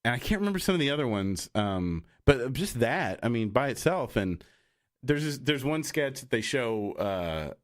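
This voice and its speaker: A man's voice: mid-range voice, sing-song, normal speed. A man co-hosting a podcast in casual chat, rambling through tangents and restarts and acting out quoted lines. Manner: acts out quoted voices. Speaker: podcast co-host.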